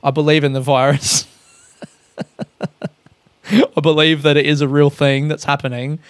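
A man's voice: fairly high pitch, fairly even intonation, a little slow, clean tone, dry recording. An Australian man talking in a loose, rambling solo monologue as a podcast host, swearing often and poking fun at himself. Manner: sweary, rambling, self-mocking.

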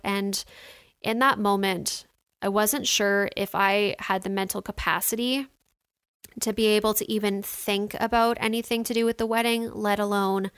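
Young woman rambling to her viewers, smooth voice, kinda emotional, throat going sore. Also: mid-range voice, fairly bright tone, dry recording, studio quality. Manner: chatty, many "like" and "you know" fillers. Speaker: vlogger. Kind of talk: casual storytelling to viewers.

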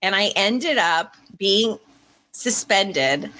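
A woman in her forties with a bright, forceful voice, chatting casually on a podcast. She tells her stories with animation and laughs often. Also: medium pitch, animated, drawn-out words. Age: 40s. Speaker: podcast co-host. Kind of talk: casual chat.

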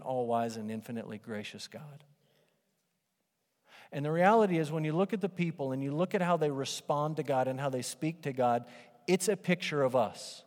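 Male pastor, slightly high voice, animated sermon delivery, long hall reverb. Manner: animated, acts out voices of doubters and Moses.

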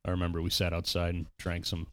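A man's voice: deep voice, completely flat delivery, quick pace, a bit bright. A man co-hosting a casual beer-tasting podcast in a laid-back, profane, hesitant way. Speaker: podcast co-host.

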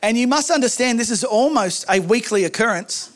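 A man preaching a sermon, telling stories in an animated way with humorous asides. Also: very high voice, brisk, a little hiss or hum. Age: adult, married.

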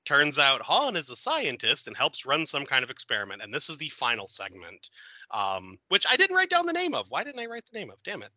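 A man hosts a casual podcast, walking through a movie's plot with a lively, swooping voice. He sounds bright and forward, and giggles often as he tells the story. The recording is dry and close. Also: on the high side, a little fast, no room sound, low-quality recording. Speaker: podcast host. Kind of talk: casual film review chat.

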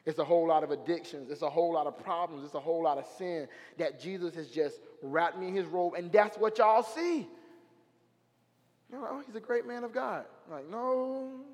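A young man preaching a sermon in an animated, slangy storytelling way, his voice rising to shouts at the high points. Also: moderate pace. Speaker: guest preacher. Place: church sanctuary. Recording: long hall reverb.

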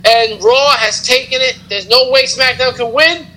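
A man's voice: very high voice, moderate pace, pushed and bright, rough recording. A man hosting a podcast, giving a rambling, casual recap with lots of fillers and chuckling asides. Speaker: podcast host. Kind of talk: casual wrestling recap chat.

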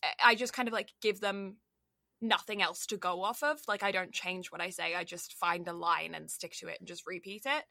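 A woman's voice: on the low side, fairly even intonation, moderate pace, gravelly, pushed and bright, no echo, studio quality. A young Canadian woman co-hosting a podcast, chatting casually and rambling with lots of "like" and "um". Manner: rambling, heavy on "like" and "um". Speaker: podcast co-host. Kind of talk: casual chat.

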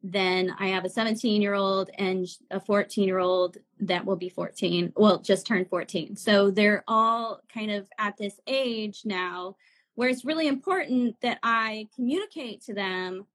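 A woman's voice: medium pitch, measured pace, a bit bright. A woman in her forties, a spiritual guide talking as a guest in a casual live chat, earnest and laughing often. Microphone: video call.

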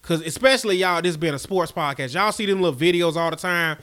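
A man co-hosting a sports podcast, his voice bright and a touch high. He talks in loose, emphatic banter. His delivery swings into playful outrage and lively emphasis. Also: quick pace. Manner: animated, emphatic, playfully indignant. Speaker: podcast co-host.

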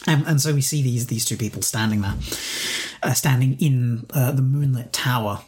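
A man's voice: mid-range voice, moderate pace, darkish tone. A man narrating an improvised story in a tabletop game, rambling as he goes. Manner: rambling, with many restarts.

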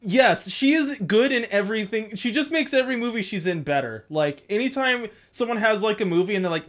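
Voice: medium pitch, lively intonation, quick pace, few pauses, a bit bright. Rambling chatty podcast host. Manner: rambling, heavy use of "like", frequent laughter. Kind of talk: casual podcast chat.

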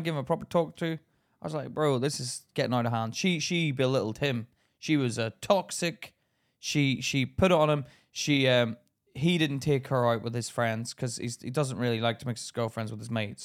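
A young man co-hosting a podcast, talking bluntly and acting out his stories with swearing. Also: mid-range voice. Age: young adult. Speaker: podcast co-host. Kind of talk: casual chat.

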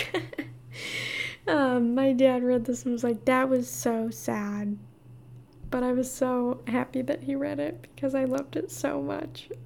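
A young woman hosting a solo podcast, talking through a play with phrase ends that trail off into a breathy whisper. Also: high-pitched, a little mellow, slight background noise. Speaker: podcast host. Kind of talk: solo podcast book discussion.

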